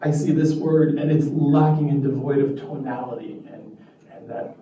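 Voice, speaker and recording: A man giving an animated live talk to a group, laughing often and acting out quotes. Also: mid-range voice. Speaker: meetup speaker. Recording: echoey room from far off, faint noise.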